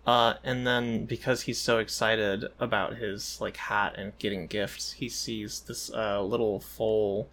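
A man's voice: fairly low pitch, measured pace, few pauses. A man co-hosting a podcast, chatting casually and agreeably as he recaps a cartoon episode. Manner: relaxed, agreeable, lots of fillers. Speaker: podcast co-host.

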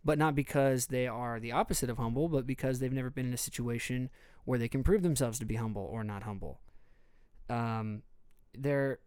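A man's voice: mid-range voice, brisk, darkish tone, smooth, no echo, clean studio sound. A man, a youth pastor talking casually in a podcast, rambling and joking as he goes.

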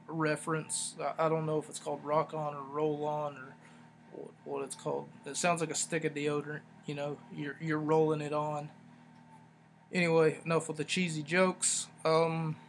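Man, podcast host, slightly high voice, rambly sarcastic rants, faint hum behind. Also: fairly bright tone. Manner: rambling, ranting, sarcastic, lots of fillers. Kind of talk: casual solo podcast review.

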